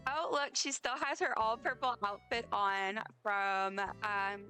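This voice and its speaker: A woman's voice: mid-range voice, bright, forceful tone. A tired woman live-streaming a game, chatting casually and teasing herself as she rambles along. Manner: chatty, self-deprecating, rambling. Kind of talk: casual chat while playing a game.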